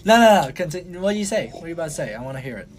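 A young man hosting a podcast in casual chat, talking in a halting, rambling way with many restarts and fillers. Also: a little high, sing-song. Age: young adult. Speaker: podcast host.

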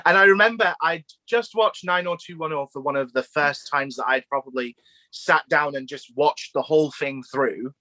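Bright-voiced eager podcast host on video call. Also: mid-range voice, normal speed, dry recording. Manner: eager fan, chatty and informal. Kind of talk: casual interview over video call.

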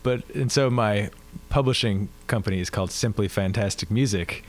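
A man's voice: lowish voice, normal speed. A man who is a musician, guest on a podcast, talking in an easygoing, friendly way and laughing readily. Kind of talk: casual interview chat.

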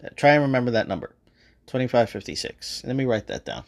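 A man's voice: medium pitch, sing-song, fast talker, vocal fry. A man hosting a podcast and giving a casual, rambling movie review, full of swearing and hesitant fillers. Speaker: podcast host.

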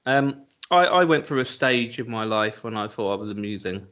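A laid-back man co-hosting a podcast in casual chat, with a dry, self-mocking humour. His voice sits at an everyday pitch. The audio is a little dull and lo-fi. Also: lively intonation, moderate pace, fairly bright tone. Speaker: podcast co-host.

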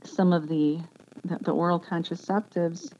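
A woman giving an earnest, emotional personal testimony as an interview guest, speaking haltingly with many restarts. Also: on the low side, steady tone, warm tone. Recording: dull lo-fi sound with faint background noise.

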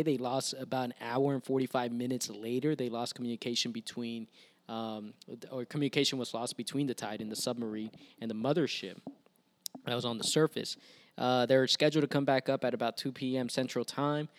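A young man hosting a casual podcast, recapping the week's news in a lively, chatty way with quick laughs. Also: mid-range voice. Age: young adult. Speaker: podcast host. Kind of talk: casual chat.

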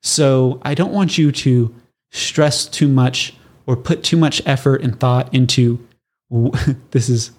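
A man's voice: medium pitch, takes it slowly. Socal guy talking through tips on his podcast, laid back, laughs a lot, plays out what his listeners would say. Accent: Southern Californian. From Southern California. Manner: conversational, animated, laughs often, acts out listener reactions. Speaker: podcast host. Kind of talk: casual solo podcast teaching.

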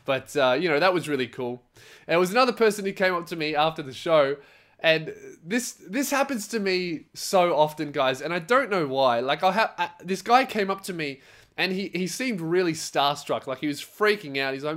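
A young man with a slightly high voice talks straight to his listeners in a loose, rambling podcast monologue. He swears constantly and jumps between anecdotes and advice with animated comic energy. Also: moderate pace. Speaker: podcast host, comedian. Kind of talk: casual solo podcast monologue.

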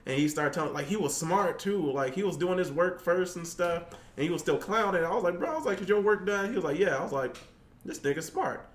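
In an echoey room, a guest who is a youth detention worker speaks a little fast while telling a story in casual conversation. He is animated and performs the quoted lines with large leaps in his voice.

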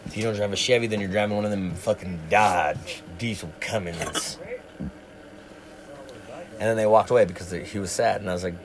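On a livestream, a co-host with a lowish voice speaks fairly quickly but pauses often. His casual chat drifts into long, rambling stories full of swearing.

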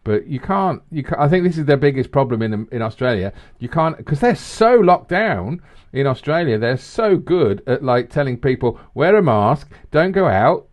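A man chatting with a co-host, telling stories with animated energy and plenty of restarts. His voice sits at an ordinary middle pitch for a man. He is easygoing and loose. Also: normal speed. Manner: animated storyteller, jumps into high mimicking voices. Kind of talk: casual chat.

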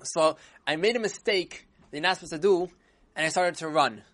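A storyteller retelling a children's story in a lively, animated way, with frequent restarts. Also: medium pitch, brisk.

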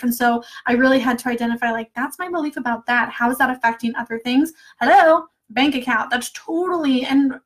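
A woman with a somewhat high voice, chatting casually and candidly with her viewers as a money mindset coach. She laughs easily and talks in a loose, friendly flow. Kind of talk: casual live chat answering viewer comments.

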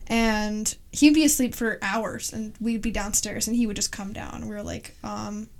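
A young woman co-hosts a podcast, chatting casually and using fillers often. Her mid-range voice holds fairly even intonation at a normal speed.

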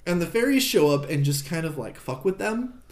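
Guy excitedly retelling a movie plot, bit high voice, echoey room. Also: brisk. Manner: animated retelling, acts out character lines. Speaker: podcast co-host recapping a film. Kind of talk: casual chat.

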